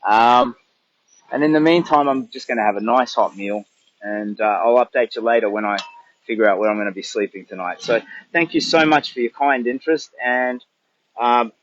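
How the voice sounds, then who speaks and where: A man's voice: medium pitch, normal speed, lo-fi sound, a little hiss or hum. An older man with an Australian accent, chatting in a rambling, casual way on a livestream during a long charity walk. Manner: rambling, chatty, thinks aloud.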